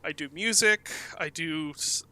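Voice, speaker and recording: A talkative man in his thirties chats casually as an interview guest, wandering through his thoughts with lots of ums and restarts. His voice is very bright and sits a little high for a man. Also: unhurried, low-quality recording. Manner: talkative, rambling with many fillers. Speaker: game developer guest.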